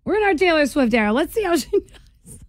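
A woman hosting a morning radio show, talking in a chatty, animated way and laughing often. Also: high-pitched, fairly quick, no echo.

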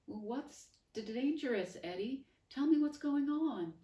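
A woman voicing a bewildered, insistent boy who pleads in a high voice. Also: lively intonation, unhurried, warm tone, reverberant, muffled recording. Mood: pleading.

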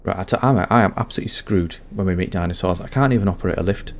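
A man's voice: deep voice, very fast, slight background noise. A man giving dry, wry running commentary on a horror game he is playing. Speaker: gaming channel host.

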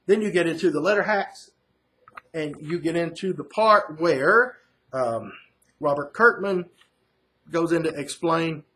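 A man's voice: a little high, a bit bright. Rambling man recapping a comic. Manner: rambling, filler-heavy retelling. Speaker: comic book reviewer. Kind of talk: casual first-reaction recap.

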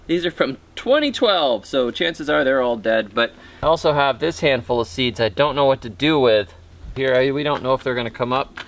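A man's voice: mid-range voice, lively intonation, moderate pace, a little hiss or hum. A man chatting goofily and cheerfully in a casual vlog while planting seeds in an outdoor vegetable garden. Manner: chatty, goofy, upbeat. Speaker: gardening YouTuber.

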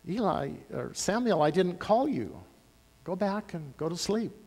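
A man's voice: high-pitched, lively intonation, unhurried, a little mellow, voice pushed up, full character voice. A man voicing the elderly priest Eli, earnest and insistent, while telling a Bible story in a church. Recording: long church-hall reverb.

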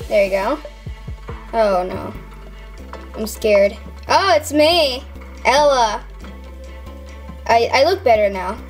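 Young female vlogger, teens, slightly high voice, rambling and giggly, faint music behind. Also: expressive, slow pace, long pauses. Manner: giggly, rambling, lots of ums and likes. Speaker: YouTuber. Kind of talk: casual reaction vlog.

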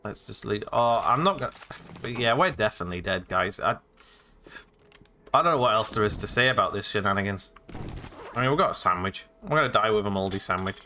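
Male let's-player; joking, exclamatory, lively pitch swings, bright tone. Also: fairly quick, a little hiss or hum. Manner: jokey, rambling, exclamatory asides. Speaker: gaming let's-play host. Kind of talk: casual gameplay commentary.

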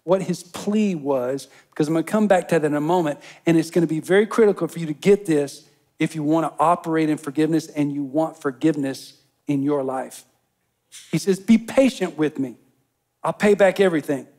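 Emphatic preaching man, pitch leaping up. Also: brisk, a little mellow. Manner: preaching with rising emphatic bursts; addresses the congregation directly. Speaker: pastor. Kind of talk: sermon.

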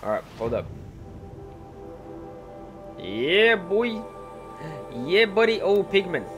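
A young man streaming a video game and commentating casually, mumbling to himself at a slow, unhurried pace. His voice sits fairly high for a man. Faint game music plays underneath. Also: sing-song, dull audio. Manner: laid-back, mumbling to himself, greets chat.

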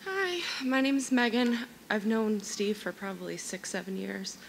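A woman's voice: mid-range voice, moderate pace, creaky, a little hiss or hum, rough recording. A woman speaking at a memorial service about a friend, emotional and earnest, close to tears at times. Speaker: friend giving a eulogy. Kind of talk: memorial speech. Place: church hall.

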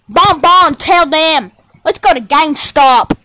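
Very high, lively female voice acting out a scene. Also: slow. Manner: rowdy, switches voices, shouts and trades insults. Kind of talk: improvised play-acting with many voices.

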